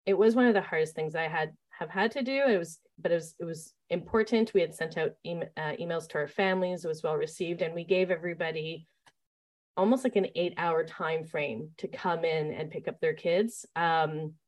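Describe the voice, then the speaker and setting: A woman who leads staff at a summer camp, telling stories in a relaxed interview and talking with many fillers and restarts. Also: deep voice, normal speed. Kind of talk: conversational interview storytelling.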